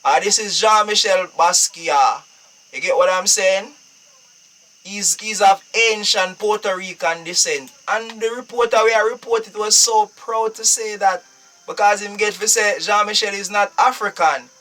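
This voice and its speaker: A Jamaican man with a high, light voice talking on a live stream. He preaches in an emphatic way and keeps repeating his phrases. He sits a bit back from the mic. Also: fairly even intonation, unhurried, sharp tone, far from the mic. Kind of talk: casual live-stream talk.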